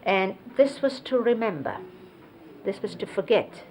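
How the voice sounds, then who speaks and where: A woman recalling memories in an unhurried storytelling way, explaining and demonstrating hand gestures as she goes. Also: mid-range voice, a little mellow, a little hiss or hum, low-quality recording. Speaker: close companion recounting memories of a spiritual teacher. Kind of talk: reminiscing storytelling. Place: 1970s videotaped sit-down interview.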